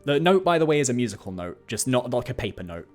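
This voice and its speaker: A man's voice: mid-range voice, sing-song, quick pace, soft background music. A man from Cornwall hosting and narrating a choose-your-own-adventure game, playful and often giggling.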